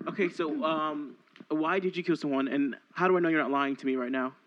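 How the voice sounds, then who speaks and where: A man's voice: fairly high pitch, fairly even intonation, fairly quick. A man improvising a comedy scene, hesitant and stammering as he talks. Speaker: improv performer. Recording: dull lo-fi sound.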